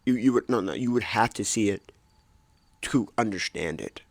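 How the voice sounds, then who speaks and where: A man hosts his own podcast at home, his fairly low, gravelly voice carrying lively intonation at a moderate pace. He rambles casually, correcting himself and throwing in jokey asides, close to a desk microphone in a dry, dead-sounding room.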